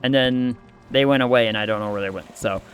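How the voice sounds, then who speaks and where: A man co-hosting a gaming stream, talking in a relaxed and reflective way. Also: medium pitch, a little fast. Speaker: streamer co-host. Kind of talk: casual chat while gaming.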